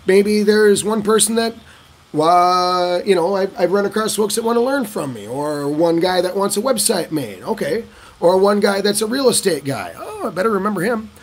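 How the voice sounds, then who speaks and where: A middle-aged man giving casual advice in a Q&A monologue, animated and swearing, acting out conversations. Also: a little hiss or hum. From United States. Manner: animated, swearing, acting out dialogues with lively shifts in pitch and pace. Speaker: vlogger giving advice on living in Vietnam.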